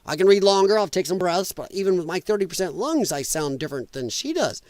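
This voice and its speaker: A man's voice: high-pitched, lively intonation, fast talker, a little mellow, dry recording. A man hosting a casual commentary show, with heavy audible breathing and mocking, laughing asides. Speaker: host.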